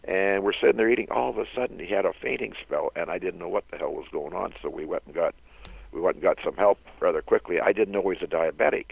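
A low, gravelly voice of an older man from Canada, spinning loose, rambling stories from his playing days and chuckling at his own tales. The sound comes through a thin, tinny phone line with a dry, close feel. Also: fast. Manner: rambling anecdotal storyteller who laughs often. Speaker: guest, former hockey player. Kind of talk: storytelling interview.

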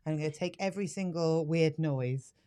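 A woman's voice: sits low, brisk, mellow. A British woman co-hosting a podcast in casual chat, wry and teasing. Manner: wry, teasing, reads lists aloud. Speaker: podcast co-host.

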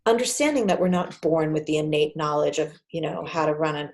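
A woman's voice: deep voice, a little fast. A woman in her forties, a PR agency founder, telling vivid stories as a podcast guest. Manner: animated storyteller, acts out quoted voices. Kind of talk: casual storytelling interview.

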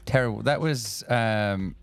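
A man's voice: lowish voice, measured pace, smooth, soft background music. A man co-hosting a sports podcast, giving blunt, opinionated takes with some swearing. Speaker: podcast co-host. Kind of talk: casual sports chat.

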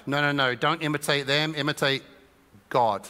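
A man's voice: on the high side, a little fast, sharp tone. A man preaching a sermon as pastor, conversational and humorous, acting out little voices of his listeners. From England. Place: church auditorium. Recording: church hall reverb.

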